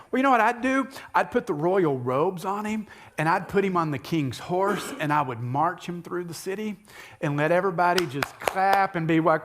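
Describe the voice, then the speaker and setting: Animated pastor retelling a Bible story. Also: male voice, normal speed, a little hiss or hum. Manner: animated storytelling, voices characters with sudden high exclamations. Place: church sanctuary.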